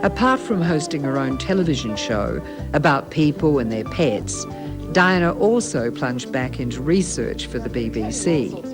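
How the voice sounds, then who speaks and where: Measured narrator over music. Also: mid-range voice, animated. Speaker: documentary narrator. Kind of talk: scripted narration.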